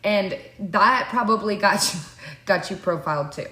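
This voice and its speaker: A woman hosting a relaxed conversation. She rambles through her stories in a mid-pitched voice, leaning on "like" and restarts. The sound carries a noticeable roomy echo. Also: a little slow. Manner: rambling, filler-heavy storytelling. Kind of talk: casual chat.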